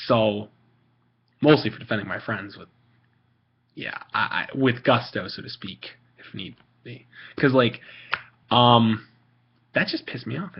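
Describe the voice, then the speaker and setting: A man's voice: mid-range voice, breathy edge, muffled recording. A teenage boy ranting casually on a vlog, rambling with lots of fillers, restarts and swearing. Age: teens. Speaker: video maker.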